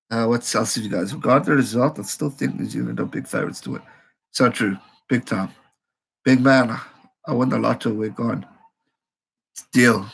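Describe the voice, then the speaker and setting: A man from South Africa hosting a live rugby reaction stream, excitable and reading viewer comments aloud. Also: mid-range voice, vocal fry, breathy edge.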